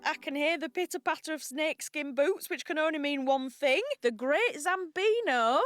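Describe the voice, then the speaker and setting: An actress playing a brisk, exasperated female local radio presenter in a comedy sketch. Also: high voice, music in the background, natural voice.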